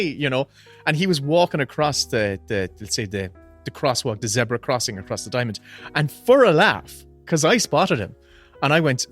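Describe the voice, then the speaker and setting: A man's voice: medium pitch, sing-song, brisk, fairly bright tone, soft background music. An Irish man co-hosting a podcast, telling a story animatedly with frequent laughter and swearing. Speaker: podcast co-host. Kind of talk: casual storytelling chat.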